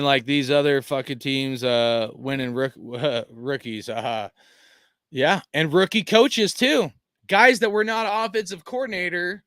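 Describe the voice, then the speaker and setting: Tired fed-up guy ranting on a fan stream, swears a lot, bright edgy voice, dry close mic. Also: a little high, no room sound. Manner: profane, frustrated venting with lots of fillers. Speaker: fan channel host. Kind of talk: live-stream fan rant reading chat.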